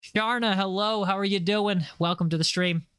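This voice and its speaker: A man's voice: high-pitched, fairly even intonation, normal speed, a bit bright, clear, resonant tone, dry recording. A man chatting casually on a gaming livestream, rambling with lots of fillers and playful boasts. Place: home setup, lives in Los Angeles.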